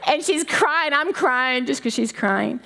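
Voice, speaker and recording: Middle-aged female preacher, conversational sermon, high voice with a wide, lively pitch range. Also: measured pace, creaky. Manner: animated, conversational, laughing asides. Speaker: pastor's wife preaching.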